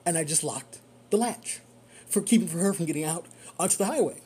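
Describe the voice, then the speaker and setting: Husky-voiced driver telling a story. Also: medium pitch, brisk. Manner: animated, repeats phrases for emphasis. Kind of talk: casual storytelling monologue.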